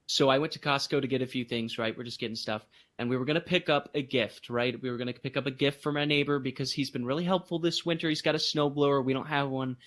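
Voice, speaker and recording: A man co-hosting a podcast, telling a story in casual chat and jumping into high voices for emphasis. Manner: animated storytelling, voices others in bursts of high pitch. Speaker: podcast co-host.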